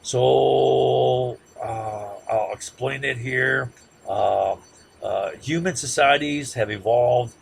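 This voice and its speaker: Man, classroom lecture, rough gravelly voice, keeps asking "right?", faint background noise. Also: mid-range voice, slow. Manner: conversational, peppers sentences with "right?"; gets loud and heated when making a point.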